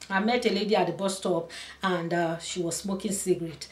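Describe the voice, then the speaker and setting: A woman pastor preaches with earnest conviction, now quiet and measured, now swelling into loud, emphatic bursts. Her voice rings in a roomy, echoing space. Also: fairly low pitch, steady tone. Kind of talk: sermon. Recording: echoey room.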